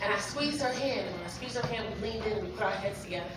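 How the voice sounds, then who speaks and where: A woman doing stand-up on a comedy club stage, loud and profane, shifting from hushed to shouting. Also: mid-range voice, quick pace. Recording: echoey club from far off, loud crowd and noise.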